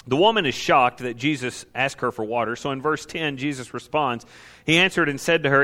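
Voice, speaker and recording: A male pastor preaching an animated sermon who asks the audience questions and acts out scenes. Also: medium pitch, brisk.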